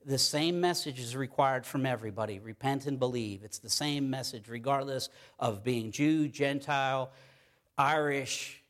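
Male pastor, mid-pitched voice, emphatic sermon delivery, repeats key lines, reads verses slowly.

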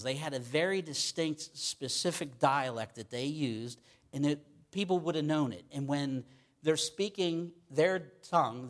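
A middle-aged man from Pittsburgh with a Pittsburgh accent, preaching a sermon in a conversational way and often checking in with "okay?". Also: a little high. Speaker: pastor.

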